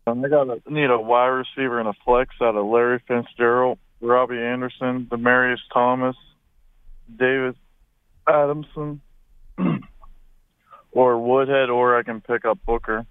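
A male caller on a radio show, listing players in a flat, plain way. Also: mid-range voice, a little slow, clean tone, dry recording. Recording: tinny phone line.

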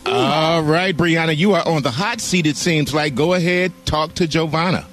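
A man's voice: on the high side, moderate pace, a bit bright, faint music behind. A man hosting a radio morning show, upbeat and joking as he introduces callers.

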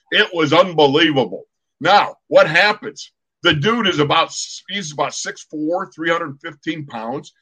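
A man in his sixties, a former football player co-hosting a podcast, tells an animated story with lots of energy. His fairly high, slightly rough voice stays lively as he acts out sounds, voices, and quotes.

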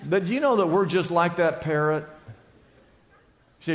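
A man with a high-pitched voice delivers a sermon from the pulpit. He preaches with emphasis, climbing on key words and then sinking low and quiet. The sound carries a long, ringing church reverb. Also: measured pace. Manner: emphatic preaching, swinging between loud and hushed. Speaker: pastor.

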